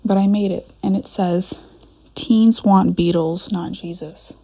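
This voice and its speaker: Chatty young woman with a gravelly voice. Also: mid-range voice, fairly even intonation, unhurried, dark tone. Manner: chatty, scattered, talks to herself. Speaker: fan fiction vlogger. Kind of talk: casual rambling vlog. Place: dim room at home. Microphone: camera.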